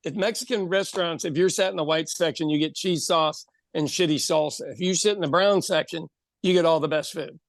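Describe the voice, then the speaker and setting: High-voiced man, dry close sound. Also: no echo. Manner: storytelling comedian, profane, quick asides. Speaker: podcast co-host. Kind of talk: casual chat.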